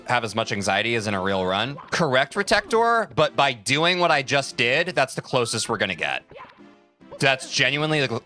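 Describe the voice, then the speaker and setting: A man's voice: medium pitch, bright, forceful tone. A young man streaming a speedrun, chatting casually with his viewers, answering their messages and swearing freely. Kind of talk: casual live-stream chat while playing.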